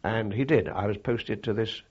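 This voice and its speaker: An older man recalling his wartime service in a halting, reflective way, with frequent fillers and restarts. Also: lowish voice, a little mellow, slightly rough, highs cut off. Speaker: interviewee. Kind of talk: oral history recollection.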